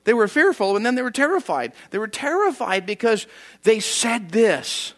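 A man's voice: sits high, sing-song, normal speed, a bit bright. A man preaching a conversational sermon, telling the story in a folksy way with chatty asides. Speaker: pastor.

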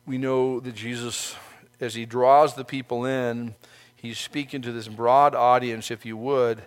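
A man's voice: medium pitch, little pitch movement, a little slow, smooth. Earnest man preaching a sermon. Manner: earnest, conversational preaching with frequent restarts. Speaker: pastor.

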